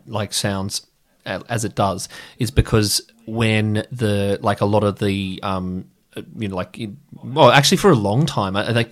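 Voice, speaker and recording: A man from Sydney with an Australian accent, chatting casually in a relaxed, hedging way full of fillers. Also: fairly low pitch. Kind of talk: casual chat.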